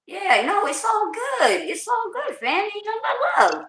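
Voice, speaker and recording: A woman with a New Jersey accent hosting a casual livestream, loud, big-voiced and hyped, talking straight from emotion. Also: very high-pitched, wildly swooping pitch, unhurried, echoey room, a little hiss or hum, rough recording. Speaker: livestream host.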